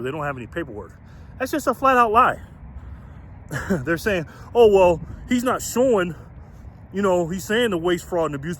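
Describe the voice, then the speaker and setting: Vlogger type, a man with a slightly high voice, rambling outdoors and firing off rhetorical questions, wind on the mic. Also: fairly bright tone, poor audio. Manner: rambling, repetitive, rhetorical questions, laughs at own points. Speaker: political commentary vlogger. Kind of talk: outdoor walking vlog rant. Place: outdoors in wind, urban area.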